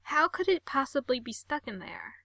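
A woman reading a comic story aloud in a wry, expressive way. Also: high voice, moderate pace, vocal fry, dry recording. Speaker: story reader.

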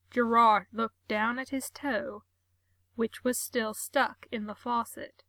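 Wry woman story reader, unhurried, higher and bright. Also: fairly even intonation, vocal fry, no room sound. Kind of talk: reading a comic story aloud.

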